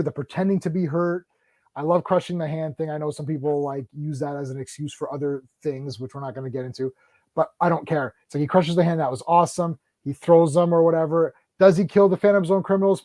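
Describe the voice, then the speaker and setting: A man hosting a livestream in casual chat, excitable and stumbling over his words as he restarts sentences. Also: on the high side, no room sound. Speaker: livestream host.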